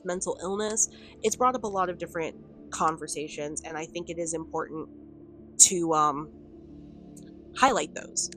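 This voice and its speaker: Woman commentator, lower register, casual vlog ramble full of "like" and "um". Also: fairly bright tone. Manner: rambling, filler-heavy with frequent "like" and "um"; chatty, laughs between points. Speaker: video commentator. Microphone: camera on a stand.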